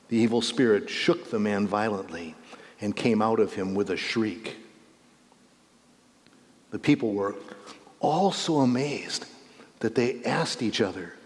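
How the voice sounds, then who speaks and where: A man's voice: on the low side, lively intonation, measured pace, a little mellow. A man teaching a Bible lesson as a sermon, emphatic, rising on key words and correcting himself as he goes. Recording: echoey hall reverb.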